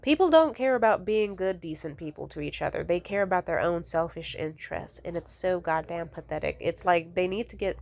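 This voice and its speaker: A woman's voice: on the low side, expressive, a little fast, hardly any pauses, darkish tone. A young woman ranting casually, blunt and profane, exasperated, mimicking the people she complains about.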